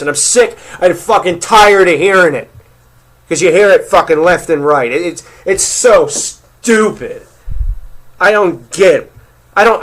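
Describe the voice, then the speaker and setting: A man's voice: on the high side, fairly bright tone. A man delivering an angry, profanity-heavy rant to his camera, swearing constantly and stumbling over repeated words when worked up. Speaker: vlogger.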